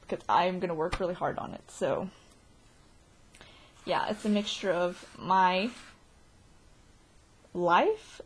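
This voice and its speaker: A woman vlogging a casual video diary, excitable and giggly, rambling from one thought to the next. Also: lowish voice, slow, pauses often, slight background noise.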